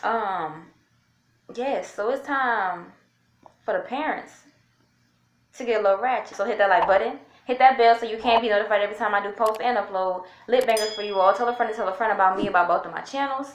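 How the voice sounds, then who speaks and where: A woman's voice: medium pitch, a little fast, a little hiss or hum. A woman hosting a reaction video, chatting to her viewers in a hyped, casual way. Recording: roomy echo.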